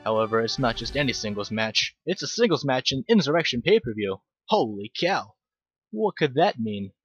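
A young man rambles through casual game commentary, mocking his own slips and swearing freely. His voice sits at an ordinary pitch. Faint game music plays under a dull, lo-fi recording. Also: very animated, moderate pace. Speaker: let's play commentator.

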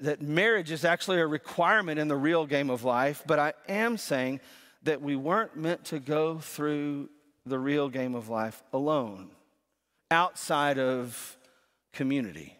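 A man's voice: a little high, lively intonation, unhurried, fairly bright tone. A man preaching a sermon as pastor, in a conversational way, often repeating words as he starts a phrase. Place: church sanctuary. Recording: long reverb of a church hall.

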